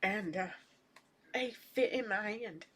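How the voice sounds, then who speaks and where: An older woman chatting casually at home as a knitting vlogger, rambling and soft-spoken, sometimes trailing off into near-whispers. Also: medium pitch, slow pace, breathy edge. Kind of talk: casual chat.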